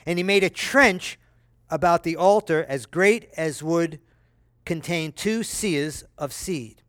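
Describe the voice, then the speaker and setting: High-voiced preacher with dry sound. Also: male voice, takes it slowly, no room sound. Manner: conversational asides, checks in with listeners; dramatic, lively reading of quoted speech. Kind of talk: sermon, reading and explaining scripture.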